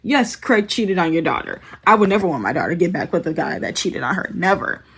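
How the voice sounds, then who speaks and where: A woman's voice: on the low side, lively intonation, brisk, breathy edge. A young woman casually recapping a TV series, talking loosely with lots of fillers and laughing as she mock-quotes the characters. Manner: chatty, frequent "like" and "um", bursts of laughter, mock-quoting characters. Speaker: commentary video host.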